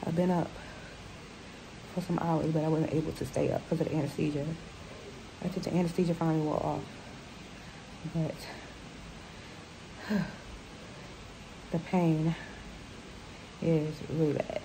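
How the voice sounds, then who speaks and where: A woman vlogging from a hospital room after surgery, out of breath with a sore throat, talking quietly and tiredly into her phone. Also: low voice, flat delivery, measured pace, creaky, long pauses. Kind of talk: casual video diary. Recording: noisy background hiss.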